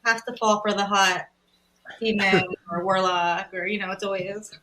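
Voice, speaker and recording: Giggly, bright-voiced woman podcast guest. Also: medium pitch, fairly even intonation, moderate pace, low-quality recording. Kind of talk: casual chat recapping a comic.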